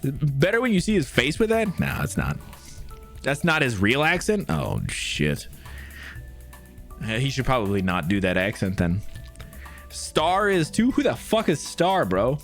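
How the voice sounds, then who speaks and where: A man's voice: mid-range voice, wildly swooping pitch, measured pace, a bit bright, faint music behind. A man reacting casually to gaming news on a live stream, rambling, swearing and talking to his chat.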